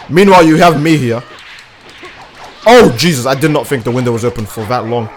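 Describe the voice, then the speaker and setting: Brash male game streamer, crude and animated. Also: a little high, quick pace, soft background music. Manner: animated, crude, reacts to chat and gameplay. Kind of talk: casual live-stream commentary while gaming.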